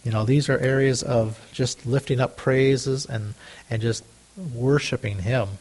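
A man preaching a conversational sermon, reading scripture aloud, with frequent restarts and louder, higher bursts when voicing prayers. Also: steady tone, measured pace. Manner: rises loud and high on prayers. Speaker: pastor.

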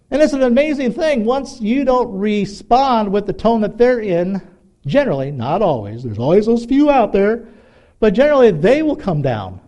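A middle-aged man preaching a sermon in a conversational, animated way, acting out little dialogues. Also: sits high, normal speed. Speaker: pastor.

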